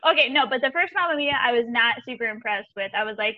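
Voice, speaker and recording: A woman's voice: on the high side, quick pace, no echo. Giggly young woman, lo-fi mic. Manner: giggly, animated, swears casually. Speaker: podcast co-host. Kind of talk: casual chat. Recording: dull lo-fi dry mic.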